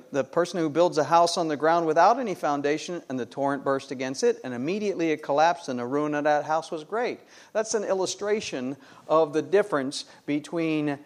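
A middle-aged man preaching a sermon, emphatic and full of rhetorical questions put to the congregation. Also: fairly high pitch. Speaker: pastor.

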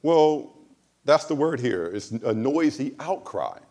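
A man preaching a sermon to his congregation, emphatic, moving between loud stressed phrases and low, quiet asides. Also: lively intonation, slow pace. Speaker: pastor.

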